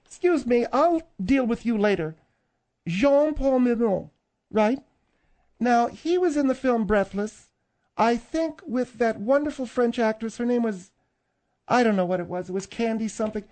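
A woman's voice: fairly high pitch, moderate pace, darkish tone. An older woman co-hosting a radio show, bantering in a bossy, teasing way. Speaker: radio co-host.

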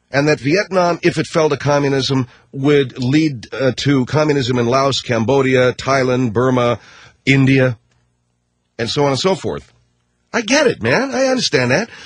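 A man's voice: mid-range voice, husky, no echo. A man ranting on talk radio in a combative, sarcastic, mocking way. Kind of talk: radio rant.

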